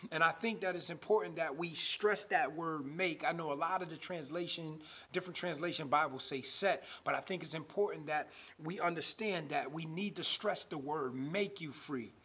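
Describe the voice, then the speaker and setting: A man preaching a sermon, building to loud emphatic passages and slowing to draw out scripture. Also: on the high side, breathy edge.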